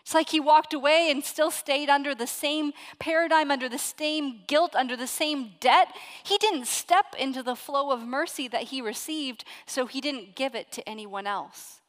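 A woman preacher delivers a sermon with earnest storytelling, moving from loud emphasis to hushed asides. Her voice sits high. It rings with the long reverb of a large hall. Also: moderate pace, hardly any pauses. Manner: earnest storytelling, swings between loud stress and quiet asides.

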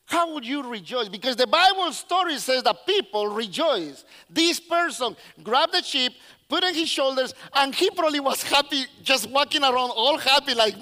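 Man preaching, very high voice, bright tone, long hall reverb, english. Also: moderate pace. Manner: animated storyteller who acts out characters; non-native English with slips. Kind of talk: sermon.

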